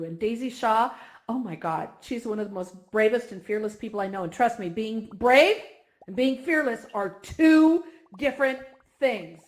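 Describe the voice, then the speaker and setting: Emotional woman speaking to a community. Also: fairly high pitch. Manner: emotional, near tears, effusive and animated. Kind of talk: heartfelt speech at a virtual reality gathering.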